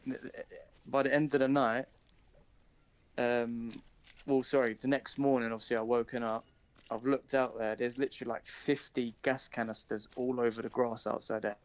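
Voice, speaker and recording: A young man on a live stream, telling a story casually, swearing a lot and acting out his own shouting. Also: mid-range voice.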